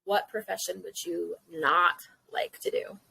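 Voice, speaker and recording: A woman's voice: on the low side, fairly even intonation, unhurried, gravelly, bright, forceful tone, husky, dry recording, low-quality recording. A woman in her thirties hosting a casual podcast chat, bubbly and giggly, swearing playfully. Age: 30s. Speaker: podcast host.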